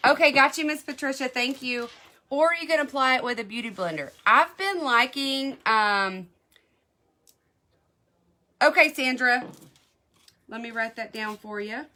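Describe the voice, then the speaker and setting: Bright-voiced woman gushing over makeup. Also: sits high, a little slow, pauses often. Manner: chatty, gushing, answers viewer comments. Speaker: beauty product seller. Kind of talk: live makeup demo chat.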